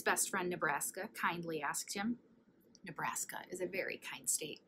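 A woman reading a children's picture book aloud, animated and playful, with hushed asides. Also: lowish voice, moderate pace, slight background noise, rough recording. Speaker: storybook reader.

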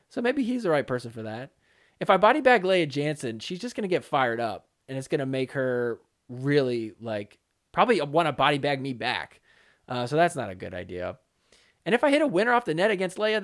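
A man hosting a solo pickleball commentary podcast, talking casually and joking around. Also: on the high side. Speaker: podcast host.

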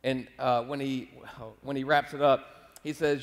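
A man's voice: a little high, level tone, fairly quick. A man preaching a sermon as pastor, telling stories conversationally and acting out his own back-and-forth with God. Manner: conversational storytelling, acts out dialogue with God. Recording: long reverb of a large hall.

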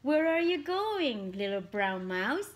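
A woman's voice: high-pitched, very animated, slow pace, heavily acted. A woman voicing a hungry owl in a playful home skit with a small child. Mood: curious, startled.

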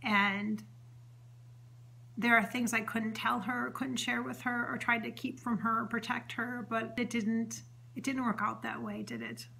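A woman talks through a spirit-channeling session in a loose, chatty ramble, full of "um" and "you know" and restarts. Her voice is bright and forward, and her tone stays earnest and heartfelt as she passes on what she says the spirit tells her. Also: fairly high pitch, steady tone, a little slow, creaky, husky. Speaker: psychic medium host. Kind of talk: spontaneous channeling session monologue.

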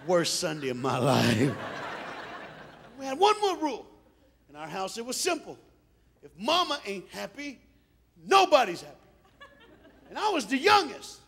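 A high-voiced preacher tells a comic story, his pitch swinging widely as he laughs along. His voice has a gravelly edge, and faint noise sits behind him. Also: a little slow, long pauses. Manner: animated, laughing, playful.

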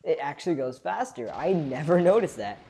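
Excitable female let's play host, rambling and chatty, very deep, lively pitch. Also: a little fast, slight background noise. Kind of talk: gameplay commentary.

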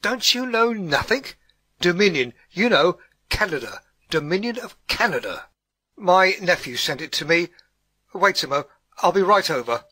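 A man voicing a loud, coarse middle-aged woman who yells and scoffs like a brash gossip. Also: high voice, animated, normal speed, no room sound, voice pushed up, full character voice. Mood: brash yelling. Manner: yelling, brash and scornful.

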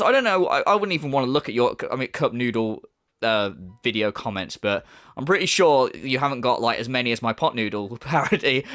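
A man's voice: mid-range voice, fairly bright tone. Mocking, sweary man ranting. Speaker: YouTube commentator. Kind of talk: casual rant commentary.

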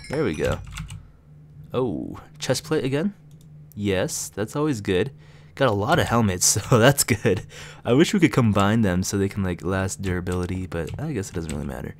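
A playful man giving let's play commentary, his voice swinging up and down as he giggles and chats to the characters on screen. The home recording carries a clear clatter of keyboard keys behind him. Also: on the low side, a little hiss or hum. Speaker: gaming channel host.

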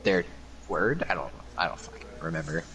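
A man chatting casually with a friend while gaming, laid-back and swearing, with deadpan replies. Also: low-pitched, moderate pace.

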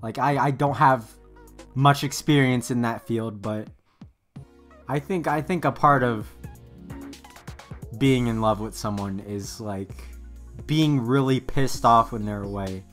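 Low-voiced laughing anime reaction host. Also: female voice, faint music behind. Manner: laughing, swearing, halting restarts. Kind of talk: casual reaction commentary.

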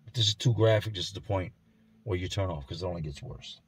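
A man telling a grim first-person story in a somber, intense way, often dropping to a hush, recorded indoors at home. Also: low voice, fast talker, a little hiss or hum. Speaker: storyteller and channel host.

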